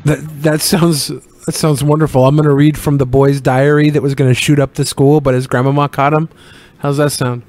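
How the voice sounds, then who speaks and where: A man's voice: fairly high pitch, level tone, moderate pace, a little mellow. A man with a slightly raised voice co-hosts a loose live online show. He jokes, teases and giggles through casual banter with his guests. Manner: joking, giggly, teasing. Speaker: co-host.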